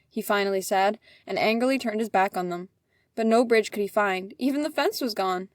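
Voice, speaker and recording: A woman's voice: mid-range voice, a little fast, a little mellow, dry recording, studio quality. A woman reading an old fairy tale aloud as a storyteller.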